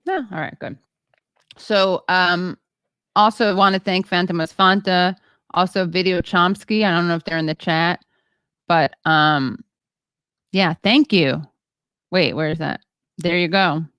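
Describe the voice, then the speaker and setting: A woman hosting a livestream, reading viewer comments in a rambling, halting way with many fillers and self-deprecating asides. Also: lowish voice, fairly bright tone, smooth, no room sound, clean studio sound. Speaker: show host.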